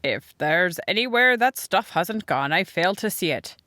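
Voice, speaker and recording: A woman's voice: fairly low pitch, animated, a little slow, pushed and bright, no echo. A woman reading the part of a kindly, dry-humored older handyman in an audiobook. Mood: wry. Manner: dry, matter-of-fact grumbling.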